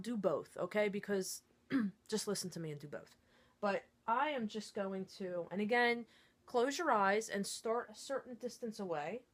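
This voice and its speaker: Woman teaching a reiki-style energy exercise in her studio, chatty, lots of "like" and "okay?", middle pitch. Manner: chatty, peppered with "like" and "okay?" checks. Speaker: intuitive card reader and Reiki practitioner. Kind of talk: casual step-by-step teaching to camera. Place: her own studio shop.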